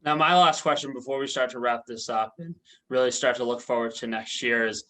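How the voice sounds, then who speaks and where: A man's voice: mid-range voice, steady tone, fairly quick, a bit bright, rough recording. A man, a team beat reporter, chatting jovially as he interviews two guests. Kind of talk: casual interview.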